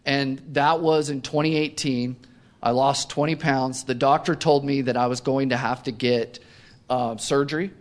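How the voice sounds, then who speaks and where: Guy in an interview, mid pitch voice, telling a goofy story about himself, pretty animated. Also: moderate pace. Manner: animated, self-mocking anecdote telling. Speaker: company co-founder, interview guest. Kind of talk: casual storytelling in a conversation.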